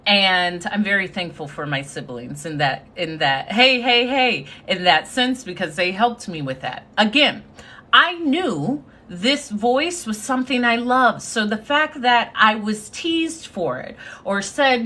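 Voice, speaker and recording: A woman's voice: medium pitch, animated, a little slow, bright, forceful tone. A woman giving a confident, sassy motivational talk on a live stream, thanking her viewers as she speaks. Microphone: phone.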